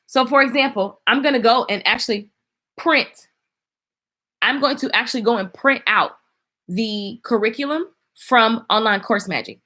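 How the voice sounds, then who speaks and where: A woman hosts a casual livestream selling an online course, chatting, laughing, and speaking directly to viewers. Her voice is on the high side, bright and forceful, at a moderate pace, recorded on a phone microphone.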